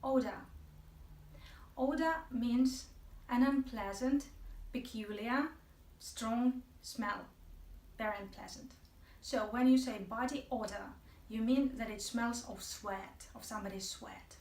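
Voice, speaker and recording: A woman's voice: fairly high pitch, measured pace, darkish tone, recorded from a distance. A woman teaching an English video lesson, chatty and playful, speaking straight to her viewers. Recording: echoey room, voice from off the mic.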